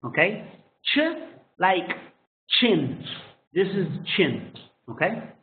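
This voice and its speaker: Slow-talking man with a tinny phone-like sound. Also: sits high, big pitch swings, slight background noise. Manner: slow, drawn-out modeling of sounds with frequent "okay?" checks. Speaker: English pronunciation teacher. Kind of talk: phonetics lesson.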